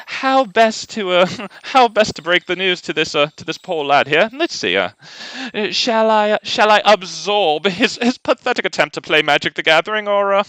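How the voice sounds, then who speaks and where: A man voicing a smug, lordly British gentleman who is always in control, speaking in a put-on posh British accent. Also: high voice, big pitch swings, normal speed, smooth, dry recording, pitched above the performer's own voice, heavily acted. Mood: smug, gloating. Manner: pompous, condescending, chuckling.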